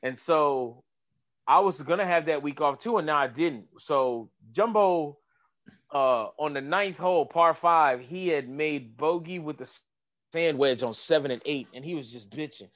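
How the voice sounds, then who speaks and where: Animated storytelling man, lo-fi sound. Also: on the high side, unhurried. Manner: animated, swears, acts out voices in anecdotes. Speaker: golf caddy and comedian. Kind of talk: casual podcast storytelling.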